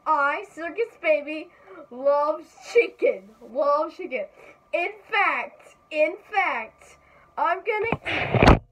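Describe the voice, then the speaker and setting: A woman's voice: high voice, expressive, slow pace, background noise. A woman playing a boastful robot clown doll, Circus Baby. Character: chicken-loving female robot clown doll.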